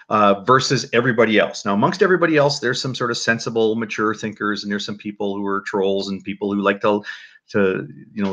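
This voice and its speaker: A man giving casual spoken commentary to his audience in a halting, dry and joking way, with many restarts and fillers. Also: on the low side, fairly bright tone, muffled recording. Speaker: video commentator.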